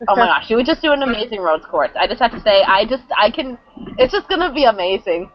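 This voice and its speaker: A woman host fires off rambling, gushing questions at a quick clip, her voice sitting a bit high. The recording is muffled and dry. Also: very animated. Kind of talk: casual interview questions.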